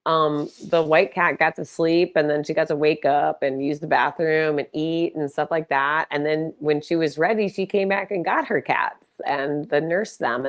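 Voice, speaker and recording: A woman hosting a casual livestream fundraiser on a laptop mic, rambling with loose restarts and the odd swear. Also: deep voice. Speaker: live streamer hosting a fundraiser.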